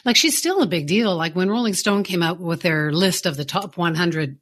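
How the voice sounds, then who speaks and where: A woman co-hosting a podcast, talking in a relaxed, conversational way. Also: fairly low pitch, moderate pace, breathy edge. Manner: conversational, with fillers and restarts. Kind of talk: casual interview chat.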